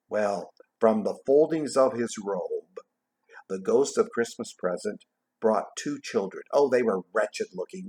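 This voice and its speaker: A man casually retelling a classic story in a vlog, tossing in jokey asides and trailing off quietly at the ends of his thoughts. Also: medium pitch, creaky. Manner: chatty, jokey, adds asides while retelling. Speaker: vlogger reading a classic novel aloud.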